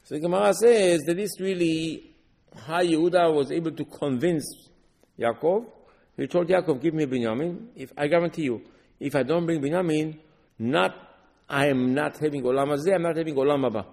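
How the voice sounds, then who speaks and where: Animated man teaching Torah, echoing hall. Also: on the high side, normal speed, creaky. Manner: animated, rhetorical questions, quotes verses in Hebrew. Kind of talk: Torah class in English.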